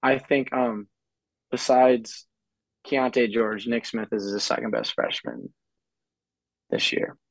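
A man in a casual sports chat, enthusiastic and quick to agree. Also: medium pitch, fairly even intonation, gravelly, no room sound, rough recording.

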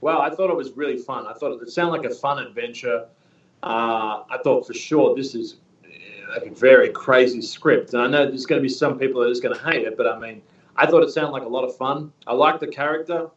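A man in his thirties from Australia, a guest in a casual interview, talking in a rambling, relaxed way with many fillers. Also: mid-range voice, fairly quick. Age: 30s. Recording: distant, echoey, muffled room sound.

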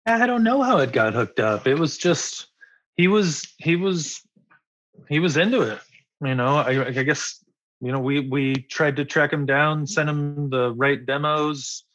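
A man in his forties talks about music in a loose, rambling and enthusiastic way as an interview guest. His voice sits at a middle pitch. The recording sounds dull and lo-fi, with a close, dry tone. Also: a little slow, fairly bright tone, no echo. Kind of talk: casual interview.

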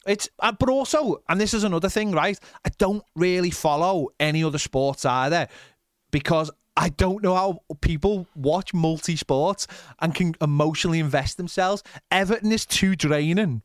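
A man's voice: fairly high pitch, normal speed, no echo, clean studio sound. A man from Liverpool with a Scouse accent, co-hosting a podcast in casual, emphatic chat and often saying "mate". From Liverpool, England. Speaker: podcast co-host.

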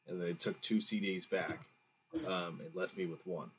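Young man, deep voice, casual chat, easygoing, faint background noise. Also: moderate pace.

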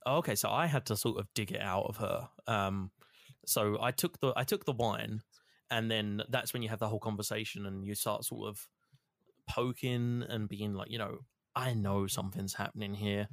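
A man's voice: fairly low pitch, moderate pace, creaky, no echo, studio quality. A man co-hosting a casual chat, retelling his game choices animatedly and swearing freely. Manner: animated storytelling, swears freely, acts out quotes. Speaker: podcast co-host.

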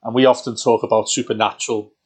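A man co-hosting a casual football podcast, talking in a rambling, excitable way with many restarts. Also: mid-range voice, quick pace, husky. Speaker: podcast co-host.

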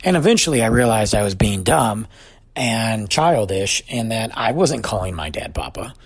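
A man's voice: on the low side, sing-song, moderate pace, husky. A man in his forties telling a heartfelt story about his family in a thoughtful personal monologue. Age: 40s.

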